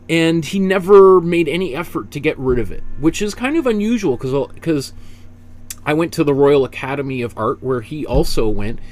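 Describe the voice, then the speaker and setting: Chatty, rambling male art teacher. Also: mid-range voice. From Canada. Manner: rambling, self-correcting, chatty with frequent fillers. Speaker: art instructor. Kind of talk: casual teaching talk.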